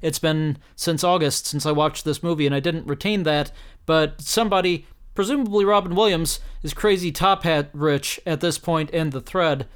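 A man with a slightly raised voice hosts a solo podcast and reads his own tweets aloud. His delivery is animated and jokey, jumps into loud mock outrage, and is sprinkled with casual swearing. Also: on the high side, normal speed, clear, resonant tone. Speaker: podcast host.

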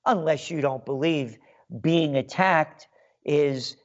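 A man with a somewhat high, wildly swinging voice fires off a slow, sarcastic radio rant full of insults. The sound is dull and lo-fi, like an old broadcast line. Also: expressive. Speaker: radio host. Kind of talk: ranting radio monologue.

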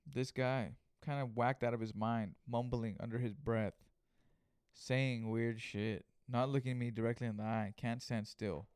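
Young male podcast host, loose profane storyteller, mid pitch, dry close sound. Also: measured pace, clean tone, no room sound. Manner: profane, animated retelling with acted-out quotes. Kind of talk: casual storytelling monologue.

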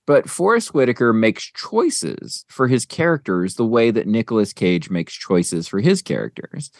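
A man's voice: medium pitch, no echo, studio quality. A man hosting a podcast in casual chat, rambling with lots of fillers as he counts down a list. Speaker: podcast host.

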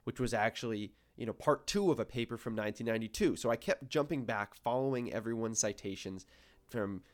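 A man's voice: medium pitch, a little fast. A man in his twenties, a podcast co-host, explaining his research in a casual, wry, self-deprecating way. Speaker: podcast co-host, planetary science grad student.

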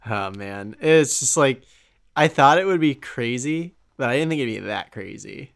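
A man's voice: medium pitch, lively intonation, normal speed, gravelly, clear, resonant tone. A man in his twenties co-hosting a podcast in casual chat, laughing often and filling his talk with "like". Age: 20s. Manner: chatty, laughing, with many "like" fillers. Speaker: podcast co-host.

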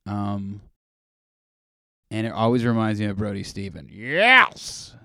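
A man's voice: fairly low pitch, little pitch movement, moderate pace, gravelly, darkish tone, dry recording, clean studio sound. A man hosting his own podcast in rambling, profane, self-deprecating casual chat. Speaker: podcast host.

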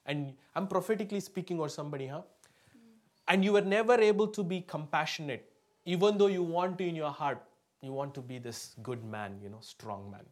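A man preaching with an emphatic pulpit delivery, his voice sitting a little above the usual male pitch. He keeps checking in with the congregation and calling for replies, then drops into quiet asides before pushing loud again. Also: fairly quick. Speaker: pastor. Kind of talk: sermon to a live congregation.

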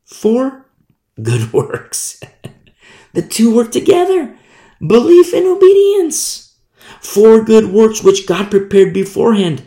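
Man preaching a sermon, fervent and emphatic, gravelly, fairly high voice, roomy echo. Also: huge pitch swings, slow pace, warm tone. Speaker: Bible teacher.

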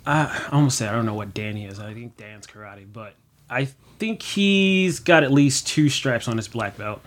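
A man's voice: medium pitch, animated, normal speed, a bit bright. A young man chatting casually as a guest, rambling with many fillers and acting out quotes. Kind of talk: casual chat.

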